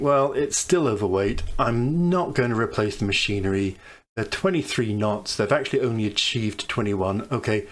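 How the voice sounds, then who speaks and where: A man with a gravelly, creaky voice at a middle pitch talks through a naval strategy game, weighing each option aloud. His commentary is casual and musing, with dry, wry asides. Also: a bit bright. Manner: thinking aloud, musing over choices. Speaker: let's play commentator.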